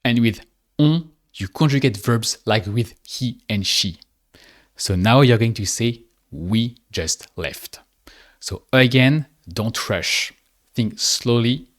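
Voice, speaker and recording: A man teaching spoken in a guided speaking lesson, patient and deliberate, drawing out each example phrase. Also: mid-range voice. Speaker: French teacher.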